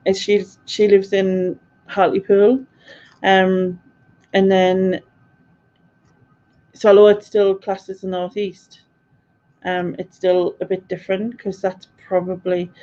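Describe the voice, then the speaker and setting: A woman's voice: mid-range voice, mellow, highs cut off. A woman from Sunderland with a northeast English accent, chatting casually and rambling on a live stream as she answers her viewers, laughing often. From Sunderland, northeast England. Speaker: live-stream host reading chat.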